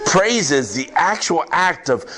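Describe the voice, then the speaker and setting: A man preaching a sermon as pastor to a congregation, in an animated, conversational way with quick asides. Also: fairly high pitch, slight background noise. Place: church service with congregation.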